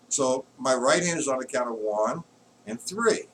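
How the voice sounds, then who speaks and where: Man counting beats over loud drums. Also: medium pitch, animated, a little slow, very noisy. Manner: counts beats aloud loudly over his playing; explains patiently, checks if students follow. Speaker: drum teacher. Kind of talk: live-streamed drum lesson. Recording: distant mic with loud drumming.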